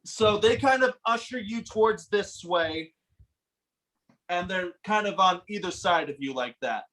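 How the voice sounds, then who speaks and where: A man's voice: high-pitched, expressive, fairly bright tone, low-quality recording. A man narrating a tabletop game as game master, in a casual, laughing way. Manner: casual, laughing narration with quick voiced asides.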